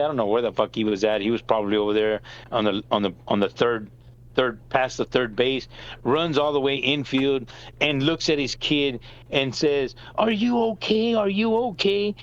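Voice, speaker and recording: A man's voice: medium pitch, normal speed, highs cut off. A middle-aged father telling family stories on a podcast, swearing freely and acting out the people he quotes. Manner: animated storyteller, swears, acts out quoted lines. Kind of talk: casual storytelling chat.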